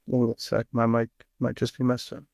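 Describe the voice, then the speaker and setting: Chill guy on a podcast, says like a lot, mid pitch, dry close mic. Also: moderate pace, vocal fry, no room sound. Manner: relaxed, filler-heavy, says "like" often. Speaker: co-founder demoing his product. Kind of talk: casual podcast chat.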